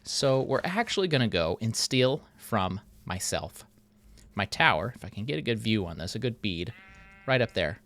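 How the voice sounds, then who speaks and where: A man's voice: on the low side, big pitch swings, moderate pace, fairly bright tone, dry recording. A man hosting a game video, chatting casually and thinking aloud with a self-mocking tone. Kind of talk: casual gameplay commentary.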